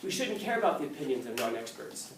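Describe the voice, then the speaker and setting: A man teaching a class, telling a story in a lively way and acting out the quotes, often restarting his sentences. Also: medium pitch, fast talker, slight background noise. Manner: animated storytelling, acts out quotes, frequent restarts. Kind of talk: classroom lecture. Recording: echoey classroom from far off.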